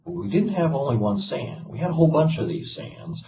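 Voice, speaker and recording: A man's voice: mid-range voice, animated, a little fast. A man giving a casual presentation to an audience, telling a self-deprecating story with wry humor. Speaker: conference speaker. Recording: echoey hall, distant mic, dull lo-fi, noisy.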